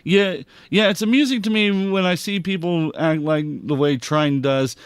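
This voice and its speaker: A man hosting a podcast, reacting to clips in an excitable, heavily profane rant. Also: high-pitched, normal speed, clean tone, no echo, clean studio sound. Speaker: podcast host. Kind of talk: casual commentary on clips.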